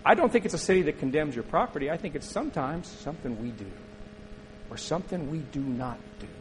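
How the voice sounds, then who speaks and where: A man's voice: fairly high pitch, lively intonation, fast, slight background noise, poor audio. A middle-aged man preaching a sermon as a pastor, telling a story in a conversational way and turning to ask the congregation questions.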